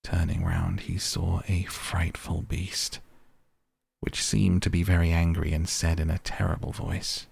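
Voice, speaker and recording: A man narrating a bedtime story as the host of a sleep podcast, in a gentle, measured reading. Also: deep voice, monotone, vocal fry, breathy edge.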